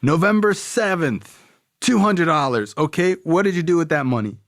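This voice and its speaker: A man's voice: fairly high pitch, animated, fairly bright tone, no echo, clean studio sound, voice pushed up. A man voicing an agitated middle-aged father who fires pointed questions at his son. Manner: rapid-fire pointed questioning.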